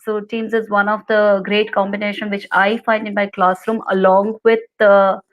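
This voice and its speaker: A woman's voice: medium pitch, level tone, normal speed, highs cut off. Woman giving a step-by-step tutorial. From India. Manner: clear, step-by-step instructing. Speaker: ICT teacher. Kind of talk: screen-share tutorial.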